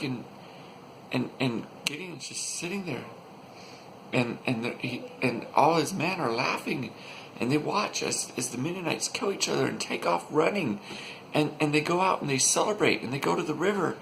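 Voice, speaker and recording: Gravelly, chatty male storyteller. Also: fairly high pitch, animated, normal speed, a bit bright, slight background noise, poor audio. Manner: chatty, joking, restarts with "and, and". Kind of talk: casual spoken retelling.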